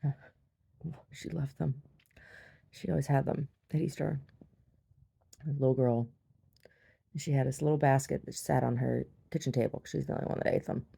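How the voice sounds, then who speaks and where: A woman telling a rambling story in her video diary, chatty and quick to laugh, often repeating herself. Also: extremely low pitch, steady tone, gravelly, warm tone, breathy edge. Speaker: video diarist. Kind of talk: casual storytelling to camera.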